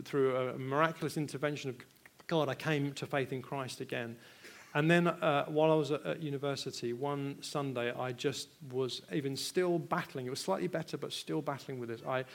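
A British man preaching a sermon in an earnest way, moving from hushed personal storytelling to loud, pressing rhetorical questions and repeating words when stirred. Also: on the high side, gravelly.

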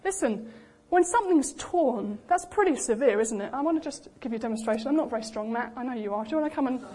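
A young woman preaching a sermon in a lively, animated way, acting out the voices she quotes. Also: on the high side, fast. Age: young adult.

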